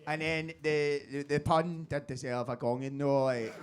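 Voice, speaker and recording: A man compering a live comedy night, giving brisk verdicts and loud introductions. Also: a little high, fairly even intonation. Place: basement comedy club. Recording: loud club crowd and music.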